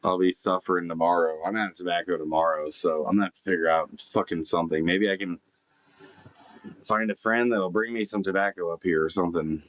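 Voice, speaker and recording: A man's voice: low-pitched, fairly even intonation, fairly quick, fairly bright tone. A man live-streaming from inside his van, chatting casually and rambling with swearing and fillers. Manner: rambling, laid-back, swears often, many fillers and restarts. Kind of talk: casual live-stream chat, reading and answering comments. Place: inside a broken-down van in a forest snow park. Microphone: computer camera setup.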